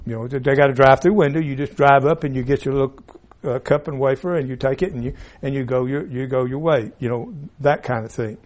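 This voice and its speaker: A man's voice: medium pitch, quick pace, darkish tone. A man teaching an informal Bible class in a classroom, folksy and rambling with asides and restarts. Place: classroom with a board. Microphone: room mic, at times turned away.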